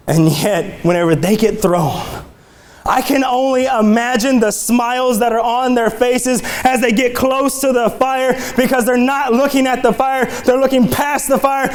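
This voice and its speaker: A man preaching an impassioned sermon in a small church room. His voice climbs higher as he gets excited, and he sometimes stumbles over words. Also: moderate pace. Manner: impassioned, exclamatory, some stumbles.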